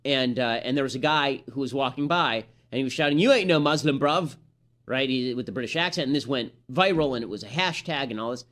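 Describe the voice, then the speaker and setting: A man runs through a political commentary monologue at a quick clip. He sounds combative and sarcastic and keeps restarting phrases as he pushes his points. His voice sits at a middle pitch. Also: fairly bright tone.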